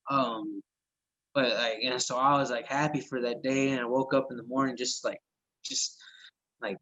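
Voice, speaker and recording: A male guest in an interview, speaking softly and hesitantly with many fillers. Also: mid-range voice, steady tone, moderate pace, dull audio. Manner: soft, hesitant, lots of fillers. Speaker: guest fighter. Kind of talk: casual interview talk.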